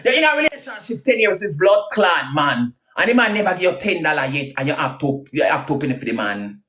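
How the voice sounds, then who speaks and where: A Jamaican woman ranting crudely on a live video, trading loud insults and singsong taunts. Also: low-pitched, sing-song, fast talker. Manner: loud crude cussing, sing-song taunts. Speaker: social media personality. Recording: roomy echo.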